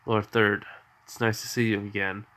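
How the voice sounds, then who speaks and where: A man voicing a calm, weary young male ninja with a quiet, low-key delivery. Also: moderate pace, close to an everyday voice. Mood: subdued.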